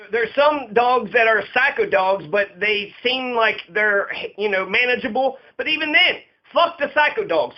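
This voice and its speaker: Profane, ranting high-voiced man. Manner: profane, ranting, repeats himself. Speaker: local resident speaking out. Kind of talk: angry monologue. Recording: muffled lo-fi sound.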